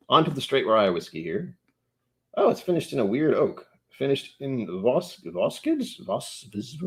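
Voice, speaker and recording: A man's voice: lowish voice, breathy edge. A man hosting a casual whiskey tasting livestream, thinking aloud and correcting himself as he goes.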